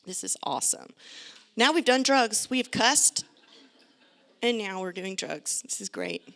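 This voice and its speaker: A middle-aged woman, a pediatrician, giving a lively, joking and direct talk to parents. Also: mid-range voice, a little slow, creaky. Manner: chatty, direct, joking asides.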